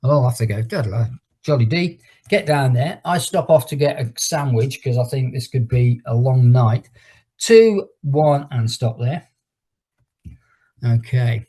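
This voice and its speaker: A middle-aged man with a husky, slightly breathy voice runs a fitness class over a video call. He chats in a rambling way and stops now and then for countdowns. His pitch sits in an ordinary middle range for a man. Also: expressive, measured pace, warm tone. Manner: chatty and rambling, breaks off to count down exercises. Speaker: fitness instructor. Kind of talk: leading an online exercise class while telling a story.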